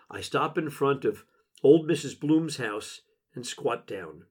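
A middle-aged man narrating a memoir audiobook in an emotional, intimate, measured way. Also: a little high, a little mellow, breathy edge.

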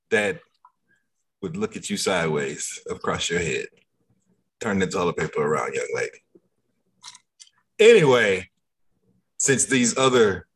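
Guy hosting a podcast, aave, low bright voice, bit husky, teases everyone and calls on folks. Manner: loose, teasing, calls on guests by name. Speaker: podcast host. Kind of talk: casual podcast chat.

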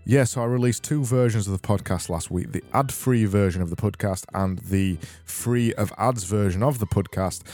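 A man hosting a casual solo podcast, reading out listener messages with deadpan, rambling sarcasm. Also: fairly low pitch, normal speed, hardly any pauses, soft background music. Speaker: podcast host.

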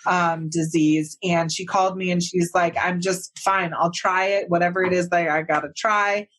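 A woman hosting a podcast, chatting candidly and animatedly, often laughing through her words. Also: on the low side. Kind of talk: casual podcast conversation.

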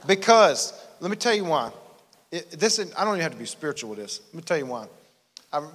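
A man preaching a sermon to a church congregation in a folksy, animated way with chatty asides. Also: mid-range voice. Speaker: pastor. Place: church sanctuary. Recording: long church hall reverb.

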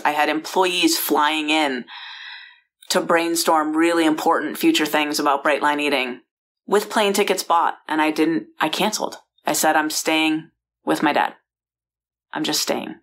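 A low-voiced woman from San Francisco tells a personal story straight to the listener. She talks chattily, restarting sentences and adding asides as she goes, recorded in a bedroom. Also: fairly bright tone. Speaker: founder and host.

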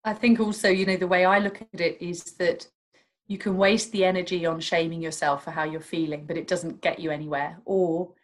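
A woman, a doctor and coach, explaining calmly and gently as a guest in a podcast interview. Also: on the low side, fairly quick, poor audio.

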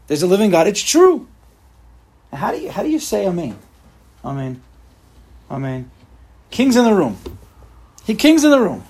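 A man leading an informal religious study group, animated and repetitive, acting out examples for his listeners. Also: sits high, breathy edge. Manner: animated, repeats himself, acts out examples. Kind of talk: informal religious class talk.

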